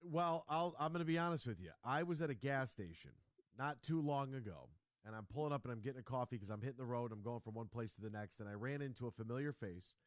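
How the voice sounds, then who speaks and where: A man hosting a sports radio show, telling stories in a casual, animated way and acting out the quotes. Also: medium pitch, fast talker, dry recording, clean studio sound. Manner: animated storyteller, acts out quotes, laughs.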